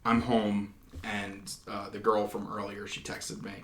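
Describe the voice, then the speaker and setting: A man's voice: lowish voice, little pitch movement, a little slow, a bit bright, slight background noise. A man, a paranormal investigator guest, earnestly telling a story in a casual podcast chat, with frequent restarts. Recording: roomy echo.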